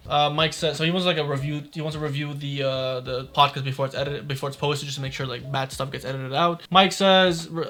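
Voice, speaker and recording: A man doing casual reaction commentary, blunt and swearing often, talking in quick bursts. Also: on the high side, fairly even intonation, pushed and bright. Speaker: commentary youtuber.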